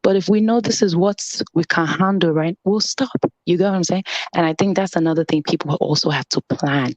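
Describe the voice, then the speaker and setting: A woman's voice: on the low side, fairly quick, darkish tone, no echo, muffled recording. Chatty woman caller on a talk show. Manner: chatty, keeps asking "you get what I'm saying". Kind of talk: casual call-in chat.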